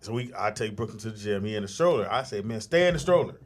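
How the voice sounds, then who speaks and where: A man's voice: on the low side, expressive, fast talker. A man who is a father, chatting casually on a podcast and telling loose, joking stories. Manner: loose, joking storyteller with bursts of loud voices.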